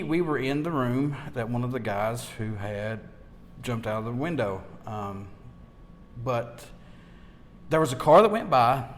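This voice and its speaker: As the interviewer in a casual chat, a man with a mid-range voice recounts his ghost-hunting stories with growing excitement, stumbling over repeated words. A long reverb trails his voice through the room, with a little hiss or hum.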